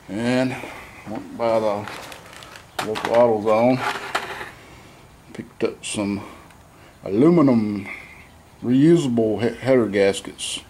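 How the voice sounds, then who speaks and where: A man's voice: on the low side, darkish tone, a little hiss or hum. A man in his garage, rambling casually through an engine install with lots of fillers and self-corrections. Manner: plainspoken, easygoing. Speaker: home mechanic vlogger. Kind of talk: casual shop walkthrough. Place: home garage shop.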